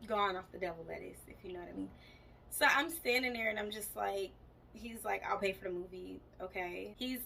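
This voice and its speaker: Gravelly bright-voiced woman vlogger. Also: mid-range voice. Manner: candid, exasperated retelling, addresses viewers as y'all. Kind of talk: casual storytime. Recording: voice a bit far from mic, faint background noise.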